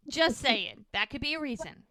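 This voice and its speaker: Bright-voiced woman recapping casually. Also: sits high, normal speed, no echo, studio quality. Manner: lively retelling, trails off and restarts. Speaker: podcast co-host. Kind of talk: casual chat recapping a TV episode.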